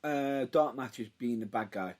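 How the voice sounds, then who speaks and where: A man co-hosting a podcast, chatting casually and quick to laugh. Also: mid-range voice, a little mellow. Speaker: podcast co-host. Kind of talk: casual wrestling chat.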